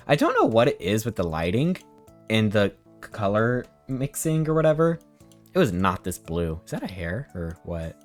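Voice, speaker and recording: Casual male streamer, sarcastic storyteller, faint music behind. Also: lowish voice.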